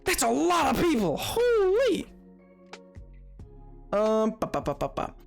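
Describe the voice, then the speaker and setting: A playful streamer, a man, hams it up in a put-on 1920s radio announcer accent, his pitch swinging widely as he chatters at his chat and laughs often. Faint game music hums behind him. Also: huge pitch swings, a little fast, creaky. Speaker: live streamer. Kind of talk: casual live-stream chat while gaming.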